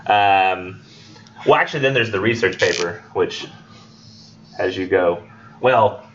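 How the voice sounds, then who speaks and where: A man's voice: low voice, a little slow, fairly bright tone, a little hiss or hum. A man, an English instructor giving a casual, rambling classroom lecture, joking and acting out his students. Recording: dull lo-fi classroom recording.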